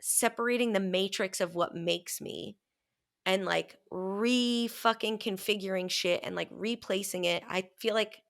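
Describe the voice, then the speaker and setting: A woman's voice: mid-range voice, measured pace, gravelly, a bit bright. A woman co-hosting a podcast, chatting casually and telling stories with lots of energy, acting out her own quotes and swearing freely. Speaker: podcast co-host. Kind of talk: casual chat.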